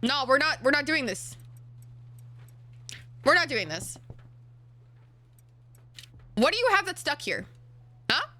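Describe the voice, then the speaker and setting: High, lively young woman streamer. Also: slow, pauses often. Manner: expressive, swears often, mixes in Arabic phrases. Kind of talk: casual gameplay streaming.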